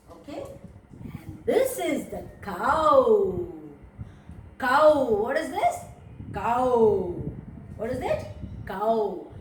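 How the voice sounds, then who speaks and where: A woman teaching young children about animals, talking in a slow, emphatic, sing-song way. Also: fairly high pitch, echoey room, recorded from a distance, slight background noise, low-quality recording.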